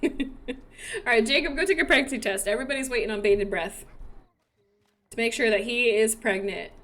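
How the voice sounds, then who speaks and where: A young woman with a high, bright-toned voice commentates her game in a loose, chatty way. She laughs often and apologizes a lot to the characters on screen. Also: moderate pace, pauses often. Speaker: gaming streamer.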